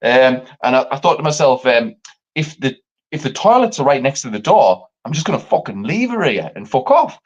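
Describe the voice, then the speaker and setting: An animated man tells a story in casual chat, swearing freely and mimicking others with leaps in pitch. His voice swings widely from low to high. The stream audio is dull and lo-fi. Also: brisk. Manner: animated, swearing, acts out quotes with big pitch jumps. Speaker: podcast host.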